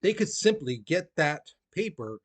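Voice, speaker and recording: A man's voice: on the high side, big pitch swings, a little slow, slightly rough. Male teacher, casual lecture voice, keeps asking "okay?". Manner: casual, checks in with "okay?" often. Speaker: history teacher. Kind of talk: recorded classroom lecture.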